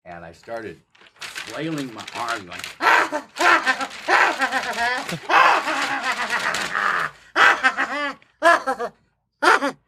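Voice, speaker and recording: A man's voice: lowish voice, slow, pauses often, very noisy. An older man, a voice actor, telling an anecdote in a casual interview and acting out the lines he quotes. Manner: animated, acts out quoted dialogue. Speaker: voice actor guest.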